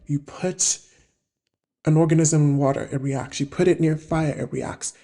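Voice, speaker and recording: In a self-help video, a twenty-something woman muses casually and reflectively, frequently stopping to search for the right word. She has a deep voice with a steady, warm tone.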